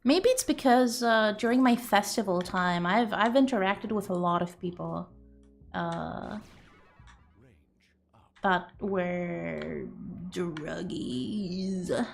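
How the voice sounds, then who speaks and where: Young woman streamer, loose and giggly, talks off the cuff over soft background music. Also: medium pitch, animated, a little slow. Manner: rambling, giggly, swears freely. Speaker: streamer and artist. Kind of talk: casual stream chat.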